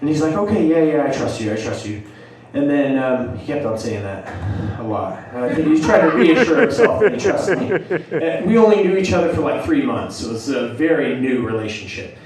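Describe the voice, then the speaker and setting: A man's voice: medium pitch, a little fast, very echoey, far from the mic, a crowd in the background, low-quality recording. A man telling a comic story on stage, hyper and laughing, acting out the people in it. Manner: hyper, laughing, acts out quotes. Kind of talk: storytelling stand-up.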